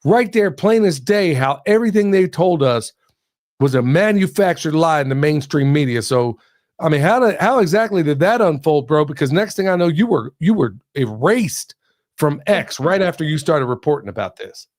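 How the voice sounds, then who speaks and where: A man's voice: on the high side, expressive, moderate pace, darkish tone, no room sound, studio quality. A man hosting a podcast, speaking emphatically and with hype, turning to address his listeners directly. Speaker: podcast host. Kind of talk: podcast conversation.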